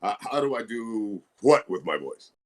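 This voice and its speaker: A man answering panel questions over a video call, talking slowly and deliberately with pauses and fillers. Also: lowish voice, very animated. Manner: slow, deliberate, halting with fillers. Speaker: voice actor guest.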